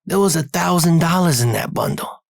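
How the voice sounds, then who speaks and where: A man with a slightly raised pitch tells a rambling, profane story from his own streetwise life. He sounds close to the mic, with no room around him. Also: moderate pace, vocal fry, no echo. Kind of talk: casual storytelling monologue.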